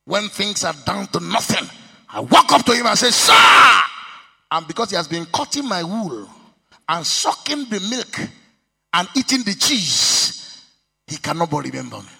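A man with a Nigerian Yoruba accent preaching a sermon as pastor, mixing languages, with sing-song emphasis and sudden shouts. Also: sits high, gravelly, husky. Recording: long reverb of a hall.

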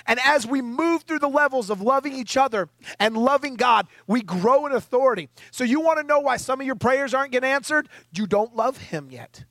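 A man's voice: extremely high pitch, expressive, fairly quick, pushed and bright, dry recording. A middle-aged man preaching a sermon as pastor, emphatic and conversational with rhetorical questions, at times tearful and choked up.

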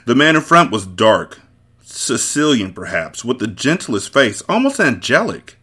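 Expressive man reading a novel aloud. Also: medium pitch, measured pace, husky. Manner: expressive, theatrical storytelling. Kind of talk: dramatic read-aloud narration.

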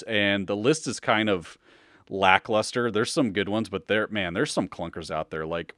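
Lively joking male podcast host. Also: lowish voice, no echo, clean studio sound. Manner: loose, joking, swears freely. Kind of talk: casual podcast chat.

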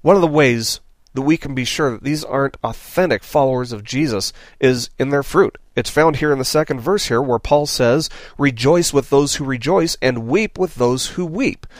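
Man, preacher, sermon, earnest, rhetorical questions, medium pitch, dry close recording. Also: normal speed, dry recording. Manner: earnest, rhetorical questions, drops soft on key phrases.

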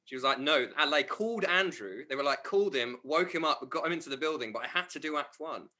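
A man in a musical theatre cast telling backstage stories in casual chat, animated and laughing often. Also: on the high side, fast.

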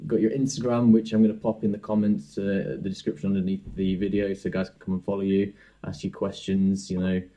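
A man's voice: sits low, little pitch movement, fairly quick, warm tone. A young man, a dentist, hosting a casual podcast interview and talking with many fillers and restarts. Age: young adult.

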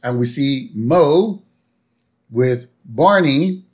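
Lively-voiced man narrating an episode recap. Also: drawn-out words. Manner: narrates scenes step by step, with lively pitch. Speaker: podcast co-host. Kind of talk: casual episode recap chat.

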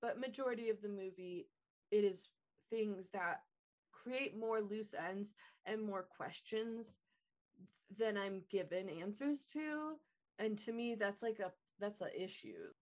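A woman's voice: mid-range voice, a little slow, a little mellow. A woman co-hosting a movie podcast in casual chat, chatty and self-deprecating. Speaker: podcast co-host.

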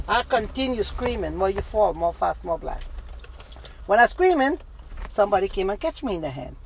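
A man's voice: very high-pitched, lively intonation, brisk, slight background noise, rough recording. A man telling an emotional personal testimony to a street interviewer, intense and insistent, repeating himself.

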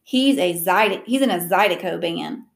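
A woman's voice: lowish voice, normal speed, creaky. A woman voicing a teenage girl, an older sister, firm and matter-of-fact, in a storybook reading.

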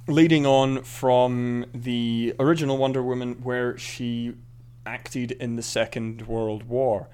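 A man's voice: medium pitch, darkish tone. A man co-hosting a casual podcast, rambling drily and correcting himself as he goes. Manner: dry, rambling, self-correcting. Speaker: podcast co-host. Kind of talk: casual chat.

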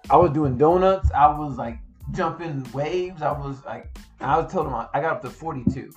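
A man's voice: fairly high pitch, moderate pace, lo-fi sound, over music. A man hosting a podcast in casual chat, telling a story animatedly with plenty of swearing and acted-out quotes. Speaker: podcast host.

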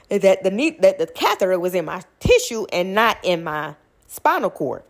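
A young woman, telling a personal story to her viewers in a blunt, animated way, swearing freely. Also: medium pitch, fairly quick.

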